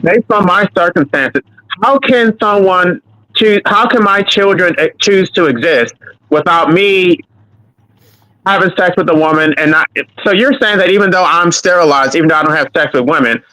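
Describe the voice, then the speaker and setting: A man's voice: high-pitched, moderate pace, bright, forceful tone, no room sound, rough recording. A man on a live panel, pressing his questions in a pointed, questioning way. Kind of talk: casual live panel discussion.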